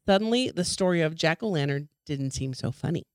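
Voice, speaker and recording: A woman's voice: low voice, expressive, brisk, dry recording, studio quality. A woman co-hosting a podcast, reading a ghost story aloud with dramatic flair and the odd small stumble. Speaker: podcast co-host.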